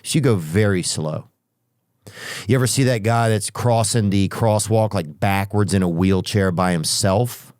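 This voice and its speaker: A man hosting a podcast, telling rambling comic stories with profanity and drawn-out asides. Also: fairly low pitch, a little mellow, no room sound, clean studio sound. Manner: profane, drawn-out asides, sudden character voices. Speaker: podcast host.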